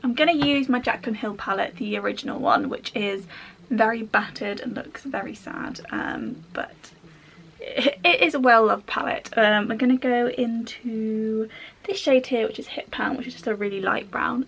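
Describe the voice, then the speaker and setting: A young woman chatting casually through a makeup tutorial, slangy and relaxed, often dropping into soft half-whispered asides. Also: on the high side, vocal fry, a little hiss or hum. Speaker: beauty vlogger.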